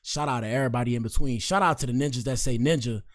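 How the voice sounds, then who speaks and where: Man hosting a podcast, mid-pitched, slangy and joking, rambling asides. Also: very fast. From Miami, Florida. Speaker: podcast host. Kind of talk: casual commentary show.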